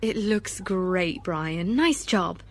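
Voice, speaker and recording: Casting: woman reading a kind dad, gentle and reassuring, storybook. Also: lowish voice, lively intonation, extremely slow, slight background noise, heavily acted. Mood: warm. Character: kind family father.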